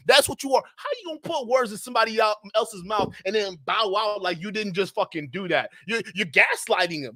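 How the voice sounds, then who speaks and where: A man hosting a livestream, giving loud, profane, ranting commentary and repeating his words. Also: high voice, brisk, few pauses, no echo, studio quality. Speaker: livestream host.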